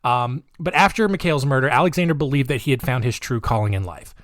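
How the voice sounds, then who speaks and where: A male podcast host tells a true-crime story in a loose, chatty way, wandering off into asides and jokes. His voice sits in an ordinary middle pitch. The recording is close and dry. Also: quick pace, no echo. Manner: digressive and jokey, many fillers.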